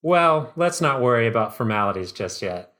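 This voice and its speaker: A man's voice: medium pitch, big pitch swings, normal speed, fairly bright tone. A man voicing a pasty, unkempt male company boss who talks in awkward, smarmy sales patter. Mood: smarmy pitch.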